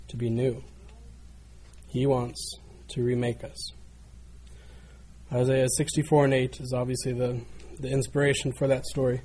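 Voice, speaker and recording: A man's voice: mid-range voice, warm tone, a little hiss or hum. A man preaching a sermon, telling a story in an earnest way and building in volume as it goes. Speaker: pastor.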